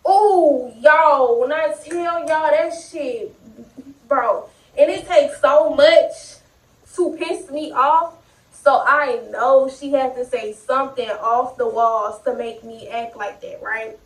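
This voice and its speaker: High-voiced woman in a roomy room. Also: takes it slowly. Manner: animated, profane, talks to viewers directly. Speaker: vlogger. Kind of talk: casual storytime. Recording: roomy sound, distant mic.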